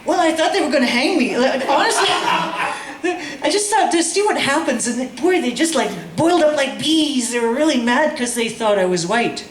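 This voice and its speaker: A woman telling a personal story in a lively, animated way, acting out the voices of others with laughter. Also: high voice, moderate pace, hardly any pauses, roomy sound. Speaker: guest storyteller. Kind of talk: casual storytelling.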